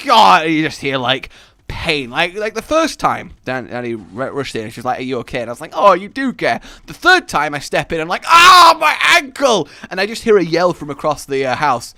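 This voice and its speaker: Man, bright voice, dry sound, rambling gameplay commentary, home office. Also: on the high side, no room sound. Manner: rambling storytelling with frequent restarts, bursts of shouting and laughter. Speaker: gaming YouTuber.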